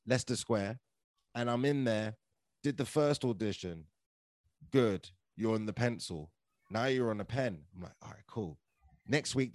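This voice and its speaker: Man, animated anecdotes, lowish pitch, dry close sound. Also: no room sound. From London, England. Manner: chatty, animated, filler-heavy with "like" and "right?". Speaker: podcast guest, actor and comedian. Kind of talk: casual storytelling.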